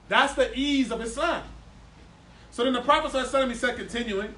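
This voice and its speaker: Man, high voice, animated teacher working a room; recorded from afar in an echoey hall. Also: rapid-fire, recorded from a distance. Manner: animated, playful, repeats words for emphasis, laughs often. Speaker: Islamic teacher giving a class. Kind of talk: lively classroom lesson with audience questions. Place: classroom or hall with a live audience.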